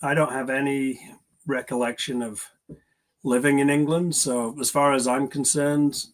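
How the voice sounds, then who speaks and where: A man with a Manx accent, answering interview questions in a relaxed, modest way. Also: mid-range voice, measured pace, low-quality recording. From Isle of Man. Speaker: podcast guest, racer.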